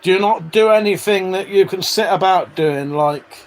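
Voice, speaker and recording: In a low-quality recording, a man with a high voice talks at normal speed while running a casual live stream. He's chatty, reading out chat messages, cursing freely and laughing a lot between comments.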